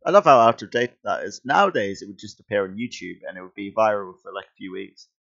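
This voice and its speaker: A man's voice: on the low side, lively intonation, fast, vocal fry, a bit bright, highs cut off. A man reading a comic aloud with chatty, self-correcting asides. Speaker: comic reader. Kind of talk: casual comic-book reading with commentary.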